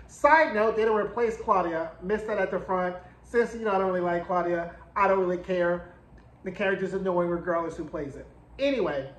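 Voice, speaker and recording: A man giving a casual, blunt, profanity-laced recap and review of a TV episode, full of sassy asides. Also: sits high. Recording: roomy echo.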